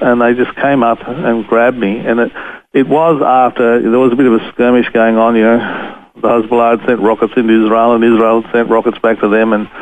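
An Australian man, a photographer interviewed as a guest, telling a story in a lively way and chuckling often. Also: medium pitch. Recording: tinny phone-line radio sound.

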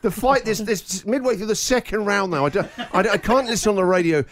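A man's voice: sits high, quick pace, crowd noise. A man in his forties, a radio host, telling an exasperated comic story and acting out the quotes. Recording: radio studio.

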